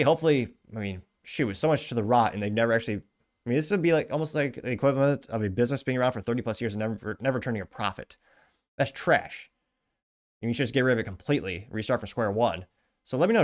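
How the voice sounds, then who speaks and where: Guy hosting a commentary show, reading comments out loud, blunt and sarcastic, mid-pitched voice. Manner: blunt, sarcastic, quick asides. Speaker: host.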